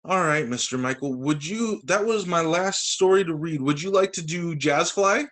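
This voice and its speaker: Animated man reading a picture book. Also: fairly high pitch, moderate pace. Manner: animated, playful storytelling. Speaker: teacher. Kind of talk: reading picture books aloud to a child. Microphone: video call.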